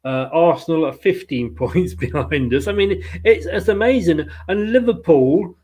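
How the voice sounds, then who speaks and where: A man's voice: fairly high pitch, animated, moderate pace, a little mellow, slightly rough. A man hosting a casual post-match football fan podcast, chatty and rambling with fillers and playful asides.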